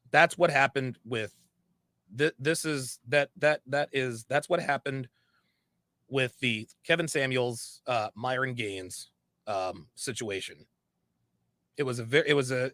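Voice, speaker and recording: A man's voice: medium pitch, fairly bright tone, no echo, studio quality. A man speaking frankly in a monologue, repeating phrases for emphasis. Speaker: online commentator. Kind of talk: candid monologue.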